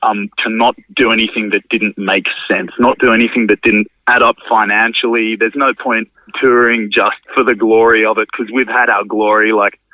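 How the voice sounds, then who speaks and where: A man's voice: lowish voice, flat delivery, normal speed, hardly any pauses, no room sound. A man, a drummer and venue owner, chatting casually as a podcast guest, rambling and swearing freely. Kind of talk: casual conversational interview. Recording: narrow phone-like sound, dry.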